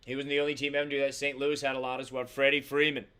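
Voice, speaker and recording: A man from Central Florida hosts a live trading card box break, chatting casually with viewers as he opens packs, swearing freely and rattling off player names and teams. His voice is medium-pitched and level in tone, racing along, a bit bright and smooth.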